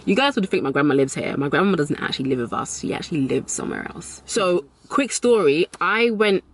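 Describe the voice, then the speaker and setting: Young woman, casual advice vlogger, emphatic, animated storyteller. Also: fairly low pitch, brisk, breathy edge. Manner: emphatic, repeats key lines for effect; storytelling with animated retold dialogue. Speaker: vlogger giving dating advice.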